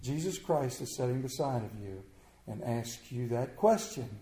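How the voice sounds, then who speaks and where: Emphatic preacher in an echoing hall. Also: male voice, mid-range voice, moderate pace. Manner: animated, emphatic, swinging from loud to hushed. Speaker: pastor. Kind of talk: sermon.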